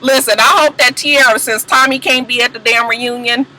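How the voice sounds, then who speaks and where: A woman recapping a reality show in blunt, profane casual chat, sassy and animated, jumping between high exclamations and low asides. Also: low-quality recording. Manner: sassy, blunt, heavy cursing, drawn-out reactions.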